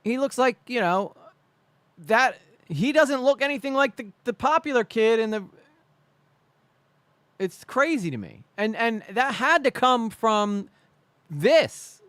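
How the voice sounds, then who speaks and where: A man's voice: very high voice, lively intonation, takes it slowly, pauses often, a bit bright, clean tone, no room sound. A man streaming live, reacting to a video with indignant, profane rants.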